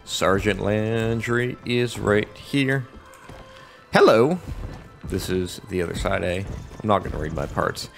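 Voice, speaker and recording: A man's voice: on the low side, measured pace, vocal fry, a bit bright, faint music behind. Casual man narrating a game. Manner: casual and rambling. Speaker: gamer. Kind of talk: let's-play commentary.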